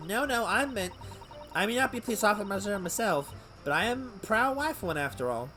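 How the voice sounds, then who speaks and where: A man's voice: high-pitched, animated, fairly quick, bright, forceful tone, faint music behind, pitched above the performer's own voice. A man putting on a sugary Southern-belle wife. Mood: sweet, chatty. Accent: American Southern (put on). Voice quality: sugary drawl.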